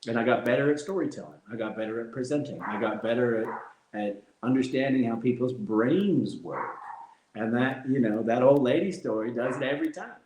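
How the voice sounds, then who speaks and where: A man's voice: mid-range voice, brisk, slight background noise. Middle-aged man telling stories, roomy sound. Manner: reflective, animated anecdotes punctuated by laughs. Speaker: guest, former fighter. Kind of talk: candid interview storytelling.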